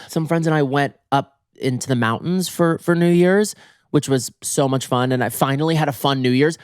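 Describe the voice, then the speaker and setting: A male podcast host delivers a comic monologue, theatrical and swinging his pitch for emphasis, his voice slightly hoarse from illness. He's recording in bed at home, speaking at normal speed, yet the sound is clean studio quality with no room sound.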